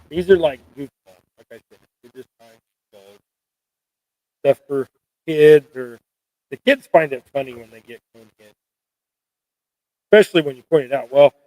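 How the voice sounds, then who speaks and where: A slightly high, a little mellow male voice belongs to a middle-aged fishing stream host who ties jigs at home and chats in a rambling, folksy, self-deprecating style on his live stream. There's no echo, though the recording quality is low.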